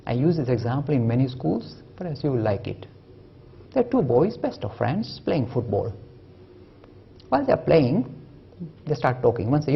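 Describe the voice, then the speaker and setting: A man's voice: medium pitch, gravelly, husky, highs cut off. A man giving a public lecture, storytelling with humor and emphatic delivery.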